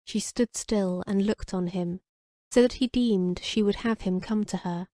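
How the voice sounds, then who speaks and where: A woman narrates an old romance audiobook at an even, measured pace. Her voice is mellow and warm, with a dry, close sound. The reading stays steady and unhurried. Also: medium pitch, dry recording.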